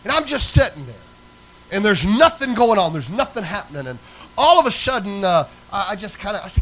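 A man's voice: high-pitched, big pitch swings, a little fast, a bit bright, low-quality recording. A man preaching a sermon as pastor, folksy and emphatic as he tells a story. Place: church sanctuary.

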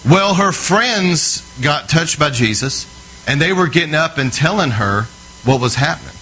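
A man's voice: fairly high pitch, lively intonation, moderate pace, bright, forceful tone, low-quality recording. A man preaching a sermon in a conversational, storytelling way, often checking in with his listeners, earnest and emphatic.

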